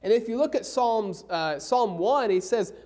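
A man preaching a sermon, slowing down hard on key phrases and reading scripture aloud. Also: high-pitched, animated, mellow. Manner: emphatic, slows down for key phrases.

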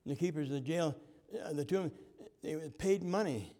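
A man preaching a sermon, fervent, swinging from loud to hushed. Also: on the high side, moderate pace. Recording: long hall reverb.

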